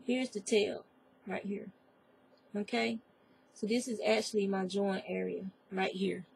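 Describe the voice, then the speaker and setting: This casual crafting tutorial features a woman with a Southern US accent chatting through crochet, wandering off topic and talking to viewers as y'all. Her voice is mid-range, gravelly, husky and a little mellow, steady in tone and unhurried.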